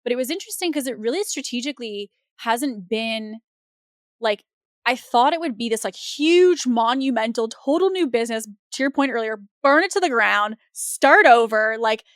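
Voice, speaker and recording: A woman hosting a podcast, talking in a casual, animated and rambling way with lots of fillers. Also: a little high, normal speed, dry recording, clean studio sound. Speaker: podcast host. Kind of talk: casual conversational interview.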